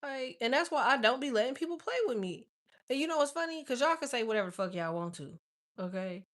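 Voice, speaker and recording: Woman in her 30s, aave, loud cussing storyteller, kinda high voice, laughs a lot. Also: quick pace. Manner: loud, profane, animated storytelling with frequent laughs. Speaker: tarot reader. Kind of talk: casual livestream chat.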